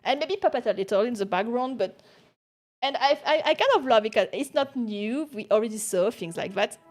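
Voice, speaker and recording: A young woman streams in easy, casual chat, her English that of a non-native speaker. Her voice sits high, and she breaks into giggles and restarts her sentences often. Faint music plays quietly behind her. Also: lively intonation, fairly quick. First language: not English. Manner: giggly, chatty, frequent laughs and restarts.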